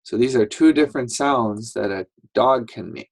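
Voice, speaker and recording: A man teaching a slow English lesson to young learners, patient and repetitive, acting out sounds as he explains. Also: mid-range voice. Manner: patient, repeats words, acts out sounds.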